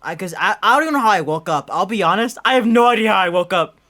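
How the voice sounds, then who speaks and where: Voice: medium pitch, lively intonation, fast, bright, forceful tone. A young adult podcast co-host telling a story in casual chat, rambling and full of "like" and restarts. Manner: rambling, heavy use of "like" and restarts.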